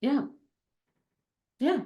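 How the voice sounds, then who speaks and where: A woman's voice: drawn-out words, muffled recording. A woman co-hosting a live stream on a video call, chatting casually and animatedly and laughing easily. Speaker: stream co-host. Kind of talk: casual chat. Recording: roomy video-call audio.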